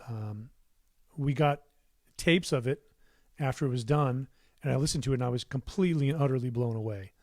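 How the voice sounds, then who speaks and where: A middle-aged American man talks casually to his livestream viewers, rambling and restarting as he answers questions. His voice sits at an ordinary pitch and sounds close and dry, with no room echo, as he chats from his recording studio. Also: fairly quick. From United States. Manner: rambling, warm asides, many fillers and restarts. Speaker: musician hosting his own livestream.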